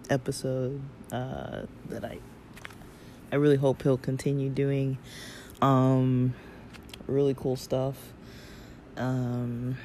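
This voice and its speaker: A man talking casually to his viewers in a slightly hoarse voice, rambling with many fillers as he muses. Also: medium pitch, dark tone. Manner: rambling, lots of fillers, loses his thread. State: hoarse, throat-clearing. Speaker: vlogger. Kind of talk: casual reflective talk to viewers. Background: faint fan hum.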